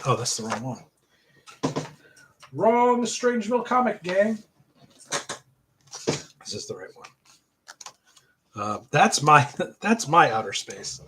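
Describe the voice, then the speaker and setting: A man's voice: a little high, very animated, slow pace, pauses often, noisy background. A middle-aged man casually chatting about a comic book, rambling and joking, with lots of fillers. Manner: rambling and joking, with frequent fillers, laughing at himself. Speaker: comic reviewer and host. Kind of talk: casual comic review chat.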